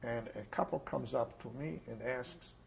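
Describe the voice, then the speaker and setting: Older guy, gravelly voice, slow plain storytelling, oral history interview, bit of hiss behind. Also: medium pitch, rough recording. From Ungvar, Czechoslovakia. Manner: unhurried, plain storytelling with pauses. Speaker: Holocaust survivor interviewee.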